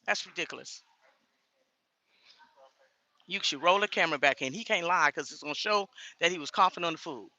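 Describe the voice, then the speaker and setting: A woman's voice: fairly low pitch, a little fast, pauses often, sharp tone. A woman talking straight to her viewers in a casual vlog, blunt and indignant. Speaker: vlogger.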